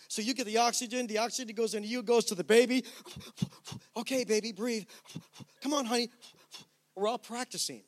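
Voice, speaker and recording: A middle-aged man preaches from the pulpit in a light, high voice. He tells a personal story in an animated, conversational way, stumbling over restarts as he goes. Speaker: pastor. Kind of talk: sermon.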